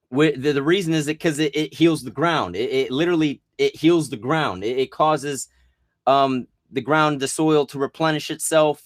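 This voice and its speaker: A man's voice: a little high, a bit bright, no room sound. Rambling, profane man ranting into a dry mic. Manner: rambling, profane, agitated, with restarts. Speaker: vlogger. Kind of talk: rambling conspiracy rant.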